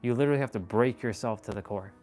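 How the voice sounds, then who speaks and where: A man holds forth on a live stream in an intense, preachy way, with casual swearing. His voice sits at a middle pitch. Faint music plays quietly behind him. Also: quick pace. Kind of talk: motivational live-stream talk.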